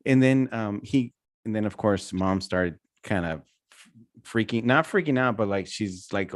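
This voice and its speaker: Animated man telling a family story. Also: fairly low pitch, normal speed, no echo, clean studio sound. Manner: animated storyteller, mimics a child's squeals. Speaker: podcast co-host. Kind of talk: casual podcast chat.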